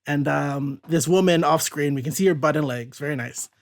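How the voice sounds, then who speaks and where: A man's voice: fairly high pitch, normal speed. Upbeat man hosting a comic chat. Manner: chatty, upbeat. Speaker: podcast host. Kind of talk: casual comic book discussion.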